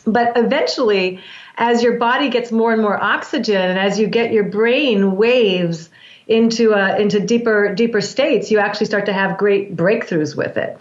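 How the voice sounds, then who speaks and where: A woman with a fairly high voice speaks at a measured pace, earnestly explaining her breath work practice in an interview and frequently restarting her sentences. The recording is echoey, dull, and lo-fi.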